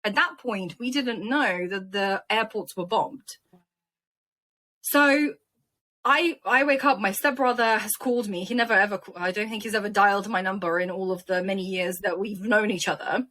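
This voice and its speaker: Young woman from ukraine, guest on an interview, bright sharp voice, emotional lively storytelling. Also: medium pitch. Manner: animated, emotional retelling with quick laughs.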